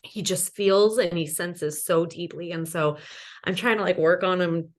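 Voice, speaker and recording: A woman's voice: fairly low pitch, a little slow. A woman in her thirties, a podcast guest, chatting casually and rambling with many fillers. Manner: rambling, lots of "like" and "you know". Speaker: podcast guest, ghost hunter. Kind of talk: casual chat.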